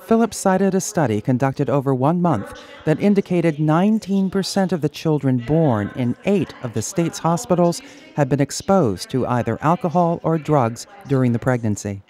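A man anchoring a legislative news program, reading scripted copy in a measured, even way. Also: a little high.

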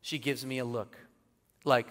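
A middle-aged male pastor preaching a sermon, telling funny family stories with lively, laughing delivery. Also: mid-range voice, measured pace. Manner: animated storytelling with jokes and laughter. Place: church sanctuary. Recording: church hall with long reverb.

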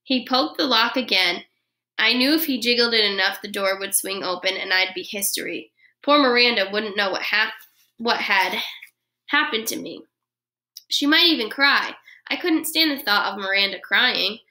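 Bright-voiced woman reading a children's story. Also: mid-range voice, moderate pace. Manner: expressive storytelling. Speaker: first grade teacher. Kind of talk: reading a children's chapter book aloud.

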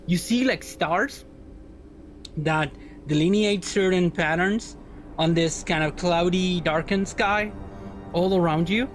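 A man's voice: high voice, takes it slowly, soft background music. A man narrating as game master of a tabletop game, rambling and searching for words with lots of fillers.

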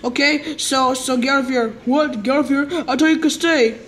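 High-pitched woman doing toy play, stammers a lot, echoey room. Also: moderate pace, few pauses, a little hiss or hum. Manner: stammering, repeats words, switches between excited squeals and soft sleepy tones. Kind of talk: improvised toy play with character voices.

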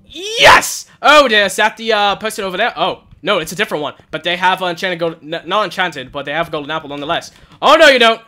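A young man wearing a headset, giving nervous, excited gameplay commentary and crying out in panic as he plays. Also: sits high, quick pace, hardly any pauses. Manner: nervous, shouts and cries out in panic. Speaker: gaming channel host. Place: hot room at home.

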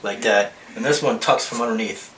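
Talking through a charcoal drawing demo as he works, an art teacher thinks aloud, rambles, and often restarts sentences. His voice is lowish, a bit bright, and fairly quick, captured from a distance in a roomy, echoing space with faint hiss.

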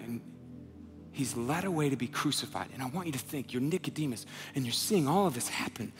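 A man's voice: medium pitch, fairly quick. A young adult man preaching a sermon in a conversational way, acting out the quotes he tells. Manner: conversational, acts out quotes, builds to impassioned near-shouting. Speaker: pastor. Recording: long hall reverb, soft music behind.

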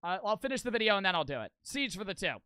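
Bright, crisp young man streaming. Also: high-pitched, rapid-fire, no echo. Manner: profane, blunt, animated. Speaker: streamer reacting to a video. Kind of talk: casual stream commentary.

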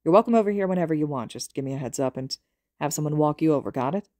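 A woman voicing a gruff, burly male teacher. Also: sits low, animated, racing, mellow, no echo, studio quality. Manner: blunt, matter-of-fact.

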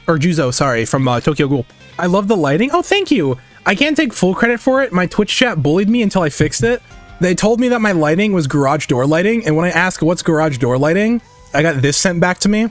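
A young man hosting a casual live art stream. His voice sits high and moves a great deal as he reads chat aloud and argues back, cursing freely. His talk is loose and full of fillers. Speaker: streamer and digital artist.

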